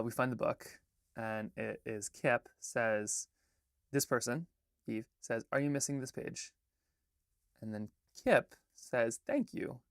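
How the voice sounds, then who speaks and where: A man's voice: mid-range voice, fairly bright tone, dry recording, studio quality. A man hosting a livestream in a casual, rambling way, chatting with viewers and stopping often to apologize and restart. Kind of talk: casual livestream chat and read-through.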